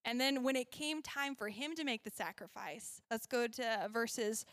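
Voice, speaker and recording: A woman leads a relaxed Bible lesson for children in a church classroom, chatting and laughing as she catches her own slips. Her voice sits fairly high and comes across smooth and clear. The sound is dry and close. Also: measured pace, no room sound. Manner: chatty, laughs often, self-correcting. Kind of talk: casual Bible lesson with props.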